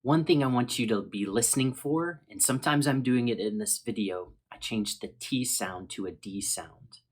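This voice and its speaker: An American man hosting an English vocabulary lesson, speaking in a friendly, slow and deliberate way as he repeats words for learners. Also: medium pitch, husky. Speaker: English teacher.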